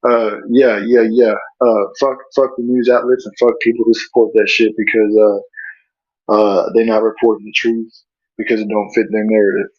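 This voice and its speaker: Husky man in a flat, halting rant. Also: on the low side. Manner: halting, full of "uh", blunt and threatening. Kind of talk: angry profane rant in a played clip. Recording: dull lo-fi clip audio.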